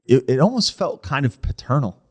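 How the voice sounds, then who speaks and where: A young man casually telling a ghost story on a podcast, animated, often asking "right?" and acting out what people said. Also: medium pitch, brisk, slightly rough. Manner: animated storyteller, acts out quoted voices, frequent "like" and "right?". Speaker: podcast co-host.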